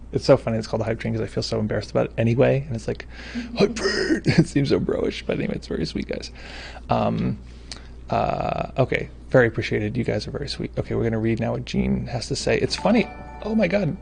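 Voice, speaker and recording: A meditation teacher rambles through viewer comments on his home livestream, stumbling over names and pouring out thanks. His voice is on the low side, gravelly and darkish, and there's a little hiss or hum in the audio.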